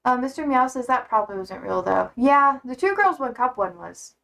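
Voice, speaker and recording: A young woman with a slightly high voice chats loosely on a livestream. She reads viewer comments aloud and answers them bluntly. She swears freely and laughs often. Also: lively intonation, normal speed, vocal fry, bright, forceful tone. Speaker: streamer. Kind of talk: casual chat reading viewer comments.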